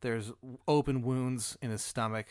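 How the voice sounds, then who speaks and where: A male podcast host telling an improvised comedic story in a rambling, deadpan way. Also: medium pitch, measured pace, clear, resonant tone, no room sound, studio quality. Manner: rambling, deadpan, with filler words.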